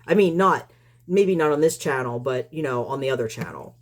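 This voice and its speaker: Woman commentator with a deep voice, heated and rambling. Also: lively intonation, a little fast. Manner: combative, rambling with restarts. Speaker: YouTube commentator. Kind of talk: casual commentary.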